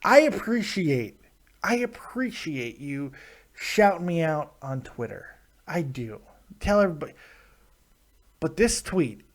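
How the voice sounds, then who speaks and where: A man's voice: on the high side, expressive, normal speed. A man hosting a casual live-stream show, ranting with profanity and sarcasm while reading viewer chat. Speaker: host.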